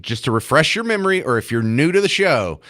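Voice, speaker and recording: A man's voice: a little high, sing-song, brisk, fairly bright tone. A man hosting a talk radio show, delivering a sarcastic, combative opinion monologue from a studio.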